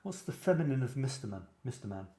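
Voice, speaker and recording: A man's voice: medium pitch, sing-song, fast, dark tone. A British man hosting a casual photography show, rambling with self-deprecating asides. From Britain. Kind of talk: casual livestream chat. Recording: echoey room.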